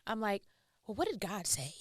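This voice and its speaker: A woman's voice: medium pitch, normal speed, husky. A woman co-hosting a podcast in a studio, talking playfully in casual chat, echoing and mimicking her co-host. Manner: playful, echoes and mimics, animated.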